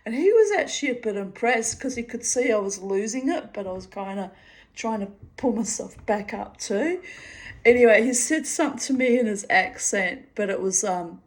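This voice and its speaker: A woman's voice: on the high side, expressive, normal speed. A middle-aged woman reading her diary aloud and chatting about it in a wry, self-mocking way that breaks into laughter. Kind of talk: casual spoken diary reading.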